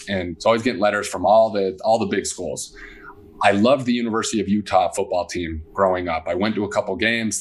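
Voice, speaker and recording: A man with a somewhat low voice tells a personal story to an interviewer. He talks casually and animatedly, stepping into the voices of the people he quotes. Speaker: guest.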